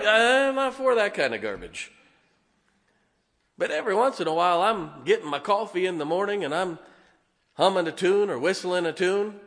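Male pastor, sermon, animated storyteller, bright tense voice, rather high, long church reverb. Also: moderate pace. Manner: animated storytelling, keeps asking the congregation "can I tell you something". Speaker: Baptist pastor. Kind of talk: sermon with personal stories. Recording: long reverb of a large hall.

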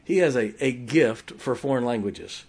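A man preaching a sermon in a folksy, joking way, with sudden shouted exclamations. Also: medium pitch, animated, moderate pace, breathy edge. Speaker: pastor.

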